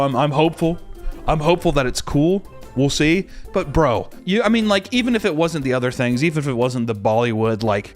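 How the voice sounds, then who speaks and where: A man ranting casually as a commentator, profane and exasperated, mocking what he talks about. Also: sits high. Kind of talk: casual rant.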